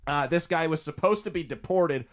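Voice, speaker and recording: A man's voice: fairly high pitch, normal speed. A man hosting a podcast, giving emphatic, indignant commentary on the news. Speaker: podcast host.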